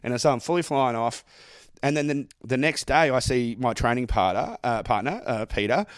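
Aussie bloke telling a story on a podcast, swears a lot, mid pitch, dry sound. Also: male voice, moderate pace, smooth, dry recording. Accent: Australian. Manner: animated, sweary anecdote-telling. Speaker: podcast co-host. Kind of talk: casual storytelling chat.

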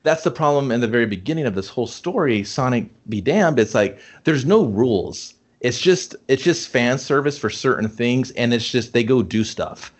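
A man's voice: mid-range voice, normal speed, hardly any pauses. Rambling, cursing man talking movies. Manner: rambling, profane, animated acting out of scenes. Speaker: podcast co-host reviewing a movie. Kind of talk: casual chat.

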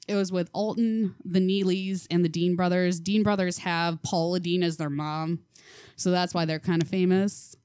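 A woman's voice: fairly low pitch, normal speed, smooth, dry recording, studio quality. A young woman chatting as a podcast guest, telling stories with lots of laughs and filler words. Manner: animated storyteller, laughs often, many ums. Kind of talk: casual chat.

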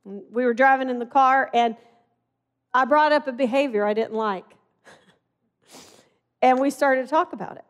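High-voiced woman preaching conversationally. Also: moderate pace, long pauses, smooth, highs cut off. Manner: conversational, animated storytelling with acted-out dialogue. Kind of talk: sermon.

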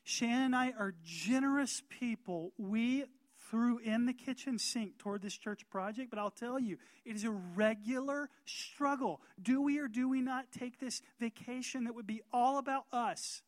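A middle-aged man preaching a sermon as pastor, emphatic and rising to loud calls for amen. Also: extremely high pitch, normal speed, hardly any pauses, no echo.

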